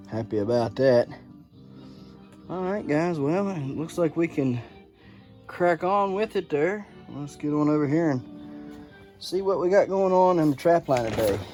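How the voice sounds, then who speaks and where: A man's voice: mid-range voice, warm tone. A man, casually showing viewers around his homestead in a folksy vlog. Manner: folksy, addresses viewers as "guys" and "y'all". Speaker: homesteading vlogger. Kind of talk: casual walk-through vlog. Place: indoor grow room and outdoor homestead.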